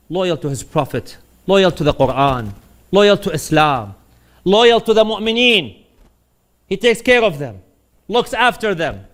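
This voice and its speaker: A man preaching a sermon, telling stories with animation and putting questions to his audience. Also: a little high.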